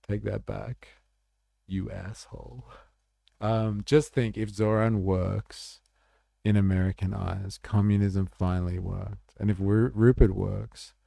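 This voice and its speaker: A man hosts a casual livestream and talks straight to his viewers. His voice is low, dark and gravelly, and his talk is blunt, sweary and full of fillers. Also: dry recording, clean studio sound. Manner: blunt, swears freely, chatty with many "like" fillers. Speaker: livestream host. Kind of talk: casual livestream chat, reading viewer comments.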